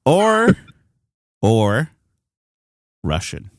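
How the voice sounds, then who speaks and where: A man's voice: mid-range voice, drawn-out words, no echo. Rambly podcast guy, voice all over the place, swears a bunch, dead dry mic. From United States. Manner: rambling, hedging, lively and swearing. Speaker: podcast co-host. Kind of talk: casual chat.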